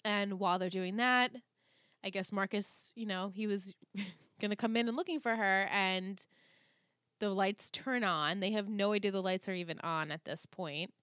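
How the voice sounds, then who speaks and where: A woman in her thirties co-hosting a podcast, recapping a TV episode in casual chat and acting out the characters' lines with animated delivery. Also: medium pitch, normal speed, clear, resonant tone, no room sound, studio quality. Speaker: podcast co-host.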